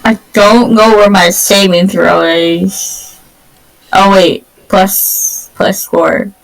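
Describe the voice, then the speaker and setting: A woman's voice: mid-range voice, steady tone, extremely slow, vocal fry. A woman playing in a tabletop game, laid-back and goofy. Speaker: player. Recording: voice far from the mic.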